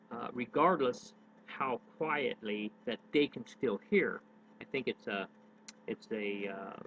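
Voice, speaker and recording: A man giving unscripted advice on public speaking in a daily vlog, rambling and correcting himself with many hesitations. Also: mid-range voice. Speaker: daily vlogger. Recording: tinny phone-like sound with faint noise.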